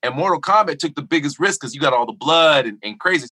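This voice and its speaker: A man hosting a casual interview who sounds enthusiastic and lively. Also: on the high side, fast talker, no room sound.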